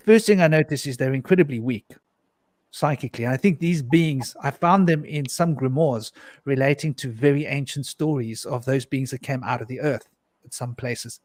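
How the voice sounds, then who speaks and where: With a slightly high voice and no echo, a man on a discussion panel earnestly describes a personal mystical experience. His intense telling is full of restarts and repeated words.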